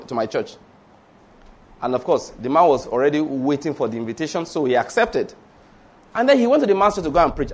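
A man preaching a storytelling sermon, swinging between hushed asides and loud exclamations. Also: high-pitched.

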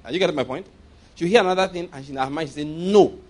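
A man's voice: on the high side, quick pace. A man preaching a sermon as a story, repeating himself for emphasis, checking in with his listeners and chuckling along the way. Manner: chuckles often while telling.

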